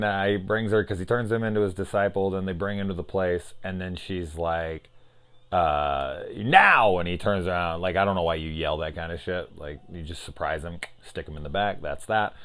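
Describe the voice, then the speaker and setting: A man reviewing a horror film in loose, profane casual chat, acting out scenes in quick voices. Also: deep voice, clean tone.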